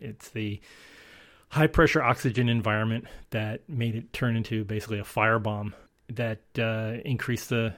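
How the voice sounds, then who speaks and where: Chatty man who restarts his sentences. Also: lowish voice. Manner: rambling with frequent restarts and fillers. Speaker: podcast co-host. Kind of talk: casual chat.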